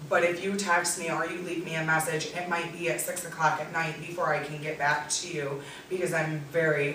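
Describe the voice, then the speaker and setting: A tutor giving a practical workshop talk, speaking directly and with many pauses and ums. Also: medium pitch, pushed and bright. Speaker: tutor and SI leader presenting. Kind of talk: workshop presentation. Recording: echoey room, distant mic, faint noise.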